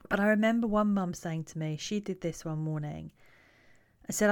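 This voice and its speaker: A woman who coaches parents, talking to camera in a calm, reflective, conversational way. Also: medium pitch, normal speed.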